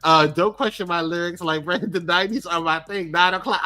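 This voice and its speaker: Sassy playful show host, bright forceful voice, teasing banter, faint music behind. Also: mid-range voice, moderate pace, hardly any pauses, no echo. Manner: sassy, teasing and playful, calls people girl and baby; chatty with frequent laughs and restarts. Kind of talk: casual live-show banter.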